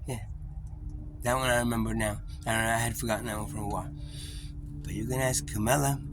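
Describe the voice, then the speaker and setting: A man venting in a confessional vlog, his voice bright and edged as he wanders through memories. He swears freely and stalls on fillers, sometimes dropping to a low mutter. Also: fairly even intonation, a little hiss or hum. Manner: rambling, profane, halting with fillers. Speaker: vlogger.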